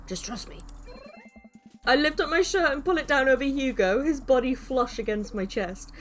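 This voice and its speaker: A woman streaming a game live, reading its text aloud and gushing thanks to viewers. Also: mid-range voice.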